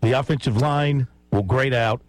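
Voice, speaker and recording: A man's voice: medium pitch, normal speed, no room sound, low-quality recording. A man hosting sports talk radio, making playful predictions and teasing his caller. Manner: playful, teasing, laughs at his own picks.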